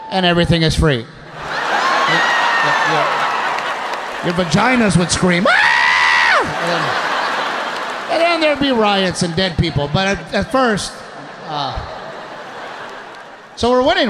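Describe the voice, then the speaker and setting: A man performing a stand-up comedy set, telling a story loudly and shouting out impressions. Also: sits high. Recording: live show with crowd noise. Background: audience laughter.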